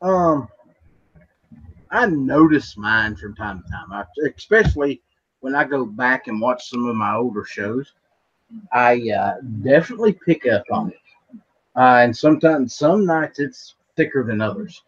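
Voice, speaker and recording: A man's voice: medium pitch, expressive, unhurried, a bit bright, husky. A man with a thick West Virginian accent, hosting a casual chat and telling folksy stories. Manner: folksy, storytelling, repeats words. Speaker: podcast host. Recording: dull lo-fi audio.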